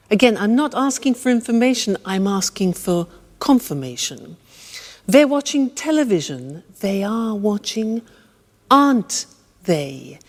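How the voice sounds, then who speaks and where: A woman teaching English grammar with slow, deliberate explanations, drawing out her example sentences with exaggerated intonation. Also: medium pitch, a little mellow, long reverb tail.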